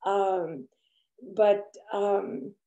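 A slow-spoken older woman with a light Spanish accent, her voice gravelly and mellow. She talks haltingly and nervously, restarting often, heard in an echoey room. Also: mid-range voice, steady tone, lo-fi sound. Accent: Spanish-accented English. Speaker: church discussion speaker. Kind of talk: personal testimony to a group.

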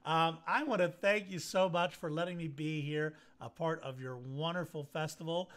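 A man reading a children's farm tale aloud with a bright, slightly raised voice. He is playful and animated, leaning into puns and dramatic pauses as he narrates. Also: a little high. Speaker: cartoonist and children's storyteller. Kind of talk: storytelling for children.

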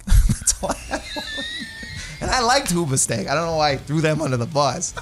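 A man telling a rowdy stand-up-style story in a casual chat, his voice slightly high for a man. He swears freely and slips into the voices of the people he describes. Soft music plays faintly in the background. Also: fairly quick. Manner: animated, profane, acts out the other people's lines. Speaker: stand-up comedian, guest.

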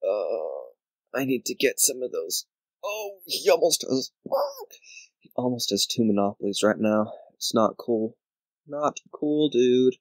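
A man narrates his board game session in an unhurried, drawn-out way, counting moves aloud and grumbling in mock anger at his opponent. His voice swings up and down freely. The sound is dry and close, with no room echo. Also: medium pitch, big pitch swings. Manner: talks to himself, counts squares aloud, mock-angry grumbling. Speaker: gamer playing a board game video game. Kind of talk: casual gameplay commentary.

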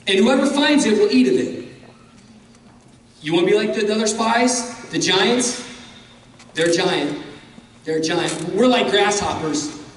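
A man with a high voice preaches a fervent sermon, hammering phrases again and again and building to shouts. He sounds far from the mic in a big church hall with a long, heavy echo, and there is a faint hiss under him. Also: expressive, normal speed. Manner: repeats phrases for emphasis. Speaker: guest preacher. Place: church sanctuary.

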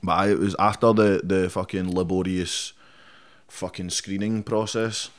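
A young Scottish man with a fairly low voice talks bluntly through a casual interview. He swears freely and drops "mate" into almost every sentence. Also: steady tone, a little slow. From Scotland. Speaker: rapper guest.

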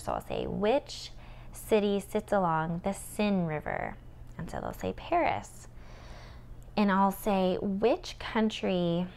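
A woman's voice: mid-range voice, creaky, slight background noise. A young woman, a homeschool tutor, walking through her lesson plan and acting out the prompts she gives children in a sing-song teacher voice.

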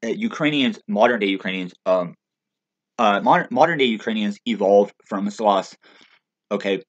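A man in a rambling, profane monologue rant, stammering and restarting, with heated loud outbursts. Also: on the low side, normal speed. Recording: dull lo-fi recording.

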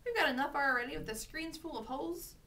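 A woman's voice: high voice, expressive, fast talker, distant mic, pitched above the performer's own voice, exaggerated voice. A woman reading as a dry, scolding mother. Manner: dry, dismissive, louder than the narration. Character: stern scolding immigrant mother, dry and stubborn.

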